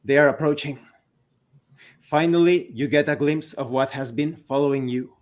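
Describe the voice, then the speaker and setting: A man narrating a tabletop game as game master, slow and deliberate. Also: a little high.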